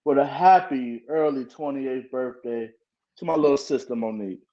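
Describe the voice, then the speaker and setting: A man from Cincinnati, Ohio, co-hosting a podcast, talking in a relaxed way with many ums and uhs. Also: mid-range voice, normal speed. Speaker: podcast co-host. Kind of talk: casual podcast chat. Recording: muffled lo-fi mic.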